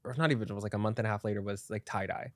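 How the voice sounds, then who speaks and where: A young man hosting a podcast in casual chat, talking loosely with lots of "like" and quick laughs. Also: fairly low pitch, fairly even intonation, no room sound, clean studio sound. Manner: chatty, laughs often, fillers of "like". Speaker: podcast host.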